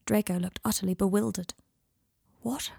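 Measured woman reading a story. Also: mid-range voice, fairly even intonation, dark tone, dry recording, clean studio sound. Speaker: audiobook narrator. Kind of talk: fan fiction audiobook reading.

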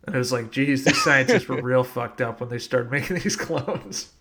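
A man's voice: mid-range voice, lively intonation, normal speed, sharp tone. A man co-hosting a casual movie podcast, riffing with silly quips. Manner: jokey, riffs with silly quips. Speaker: podcast co-host.

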